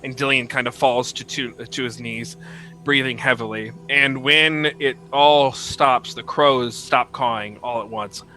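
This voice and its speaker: A man narrating a tabletop game as game master, halting with many fillers. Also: medium pitch, fairly even intonation, pushed and bright, faint music behind, poor audio.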